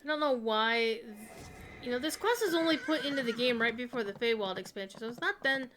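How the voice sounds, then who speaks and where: A woman's voice: a little high, a little fast, a bit bright, slight background noise. A woman streaming a video game, chatting casually with her viewers. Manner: chatty, talks to her chat, swears casually. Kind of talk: casual gaming commentary.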